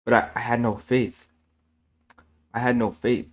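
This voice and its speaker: A man's voice: medium pitch, little pitch movement, a little slow. A man giving a casual, earnest faith talk, repeating himself and correcting his own slips as he goes. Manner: earnest, repetitive, preachy; self-correcting, fillers like "man". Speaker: channel host sharing faith.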